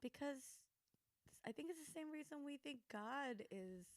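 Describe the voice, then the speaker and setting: A woman co-hosting a podcast in casual chat, joking and animated, breaking into mock voices. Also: sits high, unhurried, dry recording. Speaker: podcast co-host.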